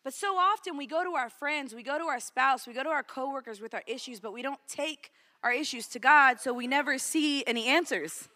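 Woman preacher, brightish higher voice, chatty storytelling sermon delivery, long hall echo. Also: brisk, few pauses. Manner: conversational storytelling, lots of "like".

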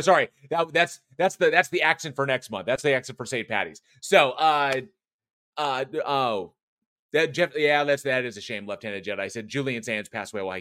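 A man with a bright, forceful voice chats casually about horror films as a podcast co-host. He rambles, restarts his sentences and laughs often. The sound is close and dry, with no room around it. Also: lowish voice, no echo. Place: home office.

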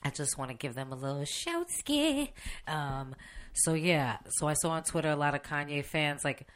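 A woman's voice: low voice, animated, moderate pace. A young woman hosting a podcast, ranting bluntly and casually with lots of swearing and laughs mid-sentence, recorded in a radio station studio. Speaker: podcast host. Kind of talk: unedited casual rant.

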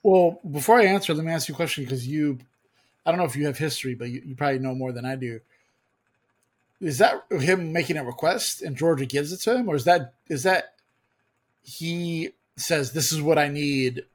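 A man's voice: fairly high pitch, animated, a little fast, breathy edge. Man co-host chatting and asking questions. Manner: conversational, asks questions, hedging. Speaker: podcast co-host. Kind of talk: casual political chat.

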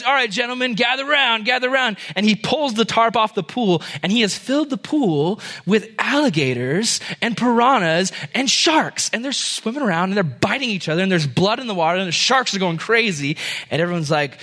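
Bright, animated young male preacher. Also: sits high, moderate pace. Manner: animated storyteller voicing characters. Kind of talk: sermon with storytelling.

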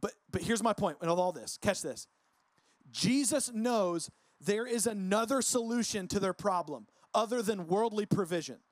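A man preaching a casual, conversational sermon, relaxed and full of filler words. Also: high voice, moderate pace, no room sound. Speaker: pastor. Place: church service.

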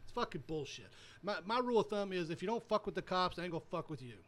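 A man's voice: high voice, lively intonation, fast, a bit bright. A man co-hosting a podcast, ranting angrily in casual chat and swearing a lot. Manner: angry, profane ranting. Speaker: podcast co-host.

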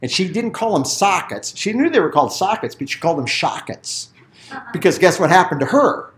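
A middle-aged pastor with a high, fairly quick voice preaches a sermon. He tells stories with animation and acts out little voices.

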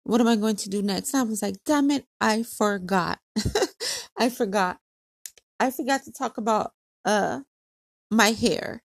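A woman's voice: a little high, expressive, measured pace, gravelly, pauses often, husky, dry recording. A woman hosting her own podcast, telling a casual story in a chatty way, laughing often and acting out what others said. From Hawaii. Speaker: podcast host.

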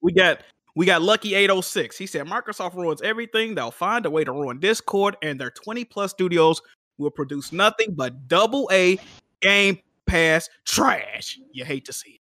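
A man's voice: high-pitched, animated, moderate pace, pushed and bright, no room sound. A man co-hosting a casual podcast, laughing often as he reads viewer comments aloud. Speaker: podcast co-host reading chat. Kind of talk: casual chat.

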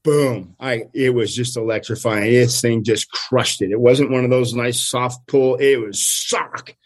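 An older man, a fishing guide, telling a story with lively energy and acting out what people said. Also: unhurried. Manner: lively, acts out quotes with big pitch jumps, laughs often. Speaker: steelhead fishing guide, guest. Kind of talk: animated storytelling.

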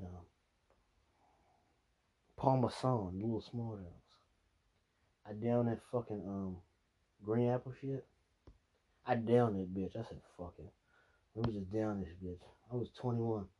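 A man's voice: mid-range voice, dark tone, husky, lo-fi sound. A young man vlogging, telling a rambling, profane drinking story and laughing at himself. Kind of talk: casual storytelling monologue.

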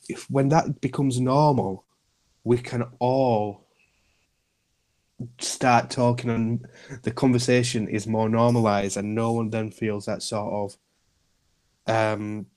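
On a podcast, a male guest who founded a community group speaks earnestly and reassuringly about looking after each other, often repeating himself. His voice is medium-pitched and darkish, with fairly even intonation. He talks slowly and pauses often.

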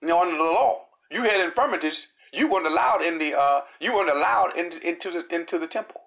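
Lively, bright-voiced preacher. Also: fast, creaky. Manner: rhythmic, repetitive preaching with dramatic pitch swings. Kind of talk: sermon.

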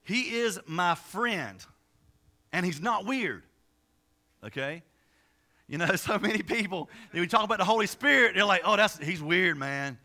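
A man preaching a sermon as pastor, talking in a quick, conversational way with many restarts, jokes and asides. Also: high-pitched, animated, bright, forceful tone.

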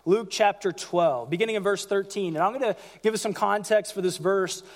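A man preaching a sermon as pastor, animated, acting out quotes in a raised voice. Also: high-pitched, brisk. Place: large church hall. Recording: church hall with long reverb.

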